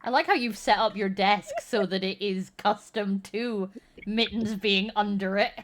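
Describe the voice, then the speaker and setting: A woman's voice: medium pitch, measured pace, slight background noise. A woman hosting a stream, chatting casually and teasing her guests. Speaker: streamer host. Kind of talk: casual chat.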